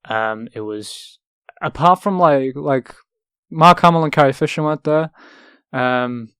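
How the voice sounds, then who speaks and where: A young man in his twenties with an English accent, chatting as a guest and telling anecdotes with loud, laughing impressions of the people he met. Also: on the high side, unhurried, clean tone, dry recording, clean studio sound. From England. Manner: animated, acts out quotes loudly with laughter. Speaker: actor guest. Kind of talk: casual storytelling chat.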